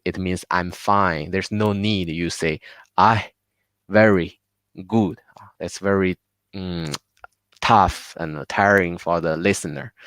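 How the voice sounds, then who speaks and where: A man with a Chinese accent teaching a live online lesson, patiently repeating words slowly for his learners. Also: low-pitched, a bit bright, dry recording, clean studio sound. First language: Mandarin Chinese.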